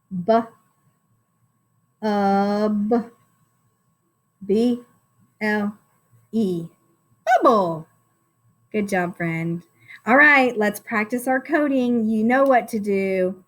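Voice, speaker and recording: A woman with a high voice teaches phonics to young children, sounding out each word slowly syllable by syllable. Her delivery is patient, unhurried and encouraging. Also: a bit bright.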